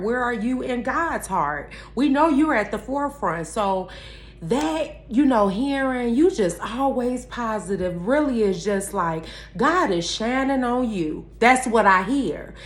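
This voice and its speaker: A woman talking candidly to her viewers about faith and positivity, emphatic and repeating her phrases like a preacher. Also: a little high. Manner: candid, addresses viewers directly as y'all. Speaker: vlogger. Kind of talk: heartfelt faith-based motivational talk.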